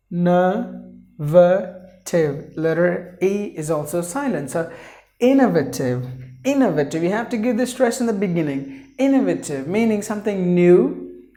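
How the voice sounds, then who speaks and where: Slow, mellow woman teaching pronunciation. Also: lowish voice. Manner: spells out letters and repeats each word several times. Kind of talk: slow classroom-style pronunciation lesson. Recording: echoey room.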